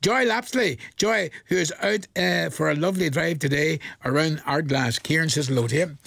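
A chuckling Northern Irish man hosting a radio request show, sending folksy greetings to listeners. His voice sits a little high for a man and has a gravelly, creaky edge. The studio sound is dry and close. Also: a bit bright, no echo. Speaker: radio presenter.

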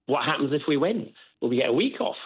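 A man's voice: a little high, sing-song, fast talker, slightly rough. A man calling in to a radio phone-in, chatting in a jokey way and often restarting his sentences. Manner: jokey, self-correcting. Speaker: caller. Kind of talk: phone-in chat. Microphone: telephone. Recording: phone line.

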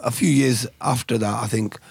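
A middle-aged man, a former boxer, telling his story in an earnest, measured way with some hesitations. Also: medium pitch, gravelly, breathy edge, dry recording. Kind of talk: interview answers, storytelling.

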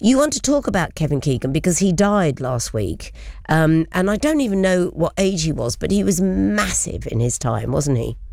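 A middle-aged woman hosts a relaxed panel conversation, chatty and quick to laugh, dropping little apologies as she goes. Her voice sits a bit low for a woman. The sound is close and dry. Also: vocal fry, no room sound. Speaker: host. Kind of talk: casual radio panel chat.

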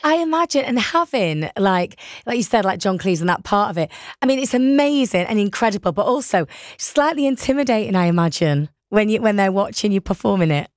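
A woman's voice: mid-range voice, lively intonation, a little fast, dry recording. An enthusiastic woman presenter interviews her guest and laughs easily. Her voice sits mid-range and sounds dry and close on the mic. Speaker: radio presenter.

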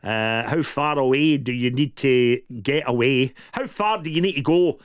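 Laughing Scottish radio host, dry sound. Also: male voice, mid-range voice, moderate pace, clear, resonant tone, no room sound. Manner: laughs often, chatty and teasing. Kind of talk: jokey radio chat reading listener texts.

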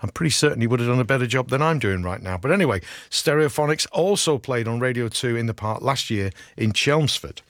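A man's voice: mid-range voice, expressive, fairly quick, hardly any pauses, fairly bright tone, no room sound. Enthusiastic male radio DJ, dry studio sound. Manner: enthusiastic and self-deprecating, with fillers. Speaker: radio rock show presenter. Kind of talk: casual radio DJ chat.

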